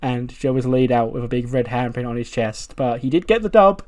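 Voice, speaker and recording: A game commentator narrates his wrestling management sim playthrough in a loose, chatty way, often correcting himself and chuckling at his own jokes. His pitch is middle-range, his tone darkish, and he's animated and fairly quick.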